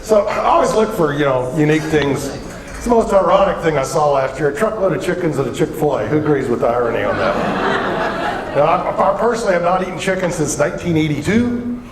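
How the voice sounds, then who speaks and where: A man with a somewhat high voice delivers a lively, joking keynote on a stage microphone. He tells stories and throws questions at the audience, and his voice rings through a big echoey conference hall. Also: brisk, a crowd in the background. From southwestern Colorado. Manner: energetic joking storyteller, quizzes the audience. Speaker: keynote economic speaker.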